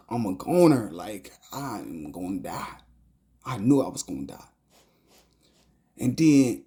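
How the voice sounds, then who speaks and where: A man with a medium-pitched voice shares an emotional personal testimony about a dream. He speaks haltingly, repeating phrases and stumbling, and occasionally sinks into a hushed whisper.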